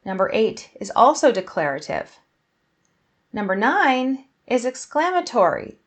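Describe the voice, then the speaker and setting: Clear, deliberate woman teaching grammar. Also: on the high side, sing-song. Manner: clear, deliberate, acts out example sentences with expression. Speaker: English teacher. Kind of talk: scripted grammar lesson.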